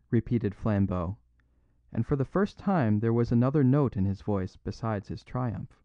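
A man narrating a classic story in an expressive reading. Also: fairly low pitch, normal speed, no room sound, highs cut off. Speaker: audiobook narrator.

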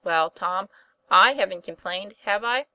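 A woman voicing a kindly, patient male schoolteacher who speaks earnestly and gently. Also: medium pitch, a little slow, no room sound, rough recording.

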